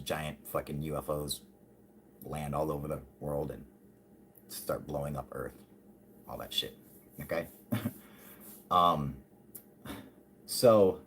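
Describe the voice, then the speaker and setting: A man's voice: rumbling low, slight background noise. A man hosting a livestream, ranting in a rambling, profane, heated way and often breaking into laughter. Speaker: livestream host. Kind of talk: casual ranting livestream talk.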